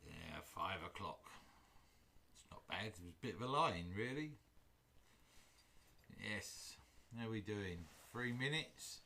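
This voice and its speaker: A man's voice: on the low side, lively intonation, takes it slowly, long pauses, sharp tone, slight background noise. A man hosting a woodturning livestream from his workshop, chatting casually with viewers in a jokey, rambling way. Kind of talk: casual chat greeting live viewers. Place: home workshop.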